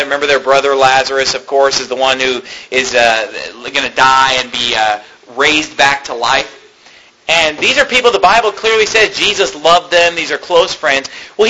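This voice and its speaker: A male pastor with a high-pitched voice preaches, moving from reading scripture to explaining it in plain, earnest talk. His tone is bright and forward. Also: slight background noise, low-quality recording. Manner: reads scripture aloud, then explains it conversationally. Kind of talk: sermon.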